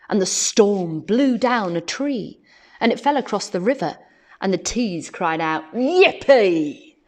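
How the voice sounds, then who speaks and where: A woman reading a picture book aloud to children, animated and expressive, often laughing. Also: mid-range voice. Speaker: storyteller.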